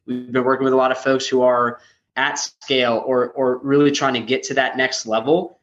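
A man's voice: medium pitch, flat delivery, normal speed, a bit bright, highs cut off, faint music behind. A man co-hosting a podcast, talking casually and heaping praise on his colleague. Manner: enthusiastic, full of praise. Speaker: company leader, podcast co-host.

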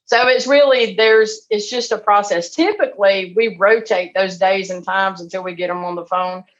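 A woman, a guest on a business podcast, talking in a chatty, animated way and acting out phone calls. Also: medium pitch, moderate pace, muffled recording. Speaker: real estate investor guest. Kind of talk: conversational interview.

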